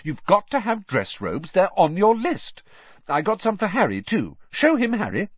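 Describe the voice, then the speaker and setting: Guy reading as a bossy fussy mum witch, high and scolding, husky, dull dry audio. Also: huge pitch swings, normal speed, dry recording, heavily acted. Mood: cross. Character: fussy, brisk middle-aged mother witch. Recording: dull, dry, slightly lo-fi recording.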